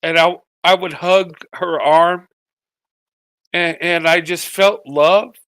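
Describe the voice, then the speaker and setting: Middle-aged male vlogger, high-pitched, tearful and faltering, dry recording. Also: fairly even intonation, fairly bright tone, smooth, no room sound. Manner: halting, repeats words, voice breaking with emotion. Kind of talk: emotional personal monologue.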